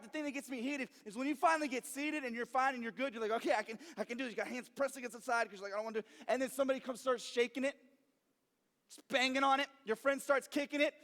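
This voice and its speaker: A young man speaking as a youth pastor, telling jokey stories and acting out quoted reactions. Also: extremely high pitch. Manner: animated, joking storytelling with quoted asides. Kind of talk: youth group talk. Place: church youth room or hall. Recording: long reverb of a hall.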